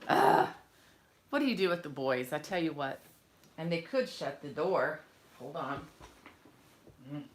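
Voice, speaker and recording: A woman's voice: low voice, animated, moderate pace, pauses often, a little hiss or hum. A middle-aged woman hosting a crochet live stream from home, chatting with viewers and greeting them by name. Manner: chatty, warm greetings to viewers, many fillers. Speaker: crochet channel host. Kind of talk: casual live-stream chat.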